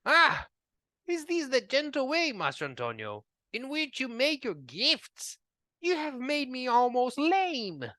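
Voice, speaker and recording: A man voicing a hot-tempered little old woodcarver who turns indignant and shrill when insulted. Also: huge pitch swings, unhurried, a bit bright, no echo, studio quality, full character voice.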